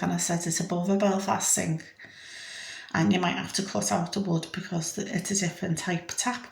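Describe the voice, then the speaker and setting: A woman's voice: on the low side, vocal fry, reverberant. A middle-aged woman, chatting casually in a home vlog, indignant and acting out quoted exchanges. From United Kingdom. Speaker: vlogger.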